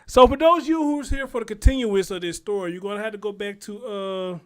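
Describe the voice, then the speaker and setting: A man's voice: high voice, fairly quick, a bit bright. A man, rambling in casual live-stream commentary and talking straight to his viewers. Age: 40s.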